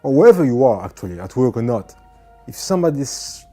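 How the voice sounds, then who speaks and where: A man's voice: mid-range voice, sing-song, a little fast, soft background music. A man giving an earnest motivational talk, repeating his points and now and then acting out angry people. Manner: earnest, repeats phrases, acts out shouting people. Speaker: motivational speaker.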